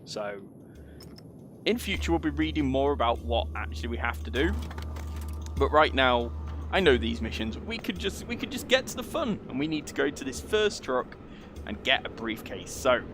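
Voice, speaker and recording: A man's voice: mid-range voice, lively intonation, moderate pace, background noise. A man giving casual, rambling commentary as he plays through a game and reads its text aloud. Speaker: let's play gamer.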